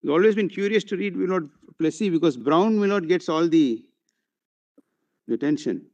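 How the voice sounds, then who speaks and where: A man's voice: on the high side, lively intonation, moderate pace, a little mellow. A man with an Indian English accent arguing before a court, reading out passages and citations and constantly addressing the bench as my lord. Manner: reads out passages and page citations. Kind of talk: formal courtroom argument.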